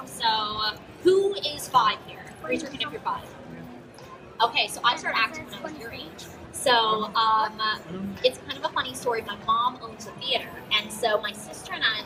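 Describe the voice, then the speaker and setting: A teenage actress answering questions on a live stage. She talks in a bubbly, giggly way with lots of fillers. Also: on the high side. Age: teens. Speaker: guest actress. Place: auto show stage with a crowd. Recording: distant mic with loud music behind. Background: music.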